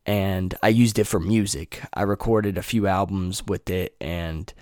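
A man's voice: sits low, fairly even intonation, unhurried, darkish tone, dry recording, clean studio sound. A young man in a home room, chatting loosely to his viewers on a desktop mic and swearing freely. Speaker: vlogger. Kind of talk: casual rambling talk to viewers. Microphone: USB desktop mic.

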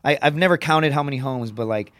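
A man, a comedian and former Marine, telling a rough story on a podcast in blunt, profane language. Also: mid-range voice, dry recording, clean studio sound. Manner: profane, rapid, animated storytelling.

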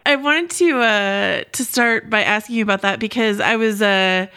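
A woman co-hosting a podcast, chatting enthusiastically with quick asides. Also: medium pitch, bright, forceful tone, clear, resonant tone, soft background music. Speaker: podcast co-host. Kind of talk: casual podcast chat.

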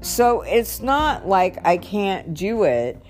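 A young woman rambling candidly in a personal vlog, halting and restarting as she talks about her faith and habits. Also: mid-range voice, sing-song. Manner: rambling, halting, self-interrupting. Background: soft guitar music.

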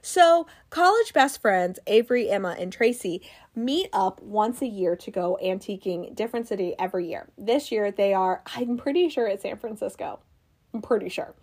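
A woman's voice: mid-range voice, lively intonation, normal speed, darkish tone. A young woman recapping a movie in a chatty, rambling way, laughing often and restarting her sentences. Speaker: movie review vlogger. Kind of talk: casual chat recapping a movie.

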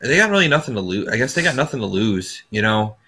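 A man's voice: fairly low pitch, sing-song, quick pace, bright, forceful tone. A man co-hosting a podcast, chatting in a loose, sarcastic way with plenty of swearing. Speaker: podcast co-host. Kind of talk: casual chat.

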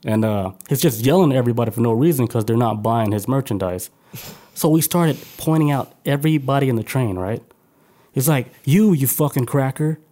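A man's voice: mid-range voice, brisk, mellow. A man co-hosting a podcast, telling a profane story in casual chat with laughs. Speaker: podcast co-host.

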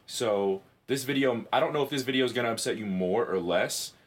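A man hosting a podcast in casual chat, telling stories in an excitable, profane way. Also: medium pitch, fairly quick. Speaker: podcast host.

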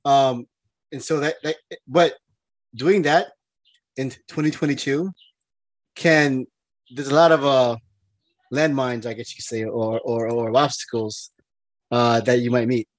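A man co-hosting a casual movie podcast, excitable and rambling, with many fillers, restarts and laughs. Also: mid-range voice, unhurried, pauses often, no room sound. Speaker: podcast co-host.

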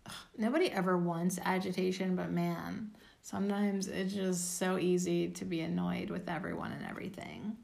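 A woman's voice: fairly low pitch, moderate pace, gravelly, darkish tone. Tired, blunt woman reading oracle cards. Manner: blunt, swearing, self-mocking. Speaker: oracle card reader. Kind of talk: casual tarot-style card reading.

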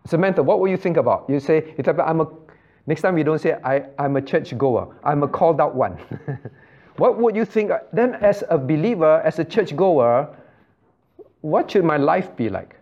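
A man's voice: on the high side, animated, normal speed. A male pastor teaching a Bible study. He repeats key phrases and quizzes his listeners by name. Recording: muffled lo-fi recording.

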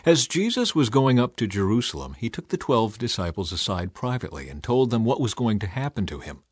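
A man giving an expressive, dramatized reading of scripture. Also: mid-range voice, fairly quick, breathy edge, no room sound, studio quality. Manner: expressive reading with a lively rise and fall. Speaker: scripture reader.

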